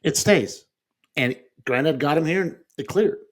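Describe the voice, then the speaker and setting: Animated middle-aged man telling stories. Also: a little high, unhurried. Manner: animated storyteller who acts out quoted voices, with frequent fillers and chuckles. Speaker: podcast guest. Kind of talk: casual conversational storytelling.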